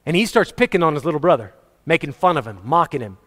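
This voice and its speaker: A male pastor with a slightly high voice delivers a conversational sermon, slipping into acted quotes and small chuckles. His words ring out with a long reverb, as in a church sanctuary. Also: big pitch swings, quick pace, a bit bright.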